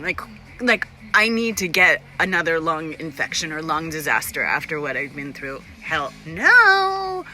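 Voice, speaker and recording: A woman chatting casually on a home live stream, rambling and animated, greeting viewers by name. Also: low voice. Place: at home, in a room with a window.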